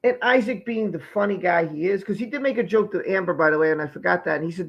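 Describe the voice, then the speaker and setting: A man's voice: high voice, expressive, fast talker, hardly any pauses, slightly rough, lo-fi sound. A man giving emphatic live-stream commentary, repeating key phrases for weight.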